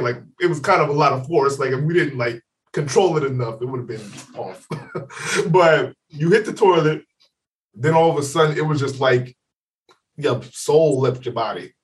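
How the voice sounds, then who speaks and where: A man co-hosting a podcast, telling a story in casual chat, laughing often and loudly acting out what people said. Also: fairly high pitch, normal speed, recorded from a distance. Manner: animated, laughing, acts out quotes loudly. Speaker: podcast co-host.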